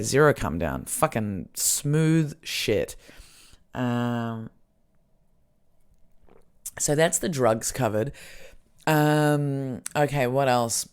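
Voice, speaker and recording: A woman's voice: rumbling low, clear, resonant tone. A woman comedian telling stories in a casual, rambling way, swearing freely. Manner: rambling and profane, many fillers and restarts. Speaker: comedian and podcast host. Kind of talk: casual storytelling chat.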